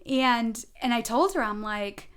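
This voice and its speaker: A woman's voice: on the high side, expressive, unhurried, fairly bright tone, clean tone. A middle-aged woman, a spiritual advisor, talking earnestly to viewers in a casual storytelling way, often checking in with "right?". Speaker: spiritual advisor giving a tarot reading.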